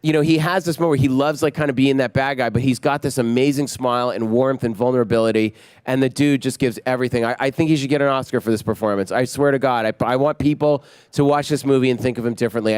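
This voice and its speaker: Animated male director telling stories. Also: mid-range voice, smooth, no room sound. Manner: energetic anecdotes, acting out quotes. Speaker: film director. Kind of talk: animated storytelling in an interview.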